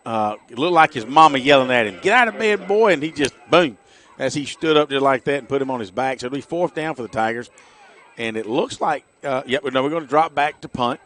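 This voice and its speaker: A middle-aged man giving chatty, folksy color commentary on a high school football game for radio. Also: a little fast, a bit bright. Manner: folksy, chatty, jokey asides.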